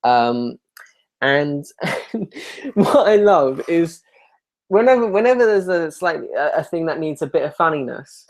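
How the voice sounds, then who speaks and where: A man's voice: fairly high pitch, lively intonation, measured pace. A young man with a self-deprecating, rambling manner, chatting casually while answering viewer questions live. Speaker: YouTuber hosting a live Q&A.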